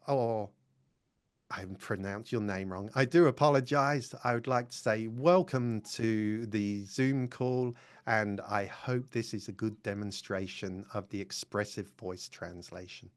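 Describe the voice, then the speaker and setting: A man's voice: on the low side, unhurried. A man presenting a live demo at a conference, chatty and apologetic, with many fillers. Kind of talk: live tech demo talk.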